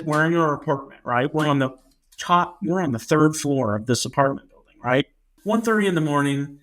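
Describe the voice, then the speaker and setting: Man, young adult, podcast co-host, casual chat, lively storytelling, a little high-pitched. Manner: animated storyteller, acts out his own quoted lines.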